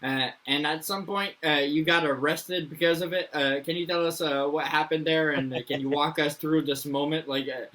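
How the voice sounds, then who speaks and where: A man hosting a podcast, asking loose, halting questions with many fillers. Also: fairly high pitch, fairly even intonation, bright, forceful tone, recorded from a distance. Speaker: podcast host.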